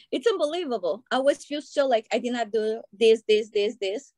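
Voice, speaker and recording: Lively excitable woman. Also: on the high side, fairly quick, few pauses, no room sound. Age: middle-aged. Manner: excitable, animated storytelling with acted-out quotes. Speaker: coaching client. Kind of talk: casual interview chat.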